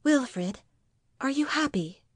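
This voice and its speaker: A woman's voice: sits high, animated, slow pace, dry recording, clean studio sound, pitched above the performer's own voice. A woman reading a story and voicing an anxious, devoted young wife who speaks in an earnest, pleading way.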